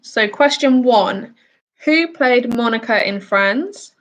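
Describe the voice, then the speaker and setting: A woman's voice: on the high side, animated, slow pace, fairly bright tone. A woman from the UK hosting a casual quiz, reading out each question and answer with chatty asides. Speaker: quiz host.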